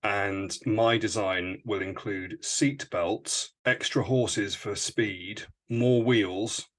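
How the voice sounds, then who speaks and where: A man's voice: lowish voice, fairly even intonation, extremely slow, a bit bright. A man playing in a role-playing podcast, talking in a brash, playful way. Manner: brash, playful, laughs a lot. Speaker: podcast player. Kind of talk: casual role-play banter.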